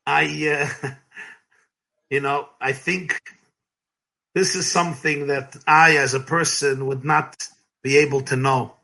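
A rabbi being interviewed, telling stories in a lively, emphatic way, sometimes breaking into shouts, with light laughs between phrases. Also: male voice, a little high, slow, creaky, long pauses. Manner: lively, emphatic, bursts into shouting and chanted cries. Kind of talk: animated storytelling in an interview.

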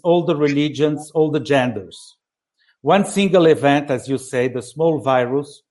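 A man from Brazil interviewing a guest, asking a long question in a measured, deliberate way. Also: a little high, darkish tone.

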